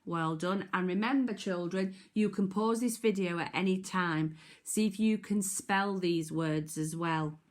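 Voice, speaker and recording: A woman teacher leading a phonics lesson for young children, speaking clearly and encouragingly in call-and-response. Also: fairly low pitch, a little slow.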